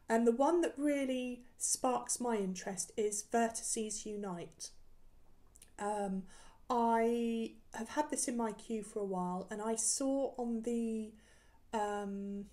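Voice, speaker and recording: A woman's voice: fairly high pitch, a little mellow. A woman hosting a knitting podcast, chatting casually about her projects with many ums and restarts. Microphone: camera recording, showing work.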